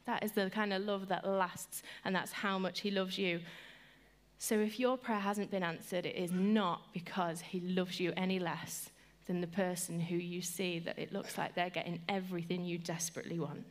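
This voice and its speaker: A woman giving an earnest sermon, repeating phrases and slowing down to stress them, lively when she tells stories. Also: on the low side. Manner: earnest and repetitive, slowing for emphasis; animated when telling stories. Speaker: speaker giving a devotional talk.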